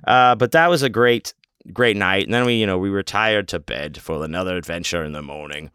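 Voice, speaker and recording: A man's voice: deep voice, brisk, a bit bright, smooth, no room sound, studio quality. A man hosting a podcast, telling a long story casually in a rambling, profane, self-mocking way. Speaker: podcast host.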